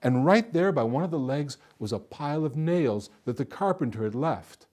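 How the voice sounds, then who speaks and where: A man telling a folktale in an animated, expressive way, slowing down for effect. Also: on the high side. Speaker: storyteller. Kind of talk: folktale storytelling performance.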